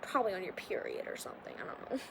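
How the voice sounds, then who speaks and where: A woman's voice: mid-range voice, huge pitch swings, rapid-fire, gravelly, noisy background. A young woman hosting a podcast, talking casually and rambling with lots of filler words and restarts. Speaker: podcast host. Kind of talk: casual confessional monologue.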